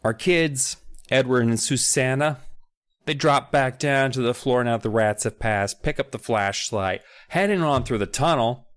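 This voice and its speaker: A man on a podcast, reading a horror book aloud with drama and then recapping it with jokes and loud shouted character lines. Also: medium pitch, moderate pace. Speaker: podcast co-host.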